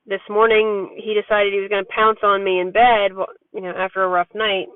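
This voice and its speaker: A woman's voice: medium pitch, flat delivery, moderate pace, clear, resonant tone, no room sound. A woman talking frankly in a rambling, chatty personal vlog about her life as a parent. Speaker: parent vlogger. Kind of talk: candid personal vlog monologue. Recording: tinny phone-like dry sound.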